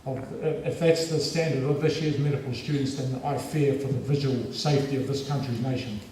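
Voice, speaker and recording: A man voicing a stern, imperious older woman lecturer who speaks slowly in a hushed, clipped, commanding tone, in an echoey hall. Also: mid-range voice, fairly even intonation, far from the mic, slight background noise, lightly acted.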